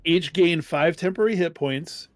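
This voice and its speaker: A man's voice: fairly high pitch, moderate pace, no room sound, soft background music. A man playing in a tabletop game, counting his moves and reading rule text aloud. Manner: counts aloud, reads out rules. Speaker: player.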